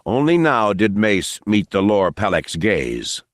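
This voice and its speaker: A man with a deep, low voice narrating a novel audiobook. His delivery moves expressively through the sentences, recorded close and dry with no room sound. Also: very animated, takes it slowly, no room sound.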